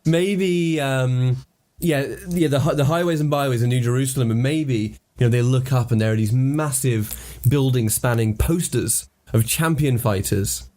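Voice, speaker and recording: A man's voice: medium pitch, normal speed, hardly any pauses, a little mellow. A man co-hosting a podcast, agreeing and summing up ideas as they brainstorm a story together. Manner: agreeable, sums up and steers ideas. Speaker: podcast co-host. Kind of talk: casual story brainstorming chat.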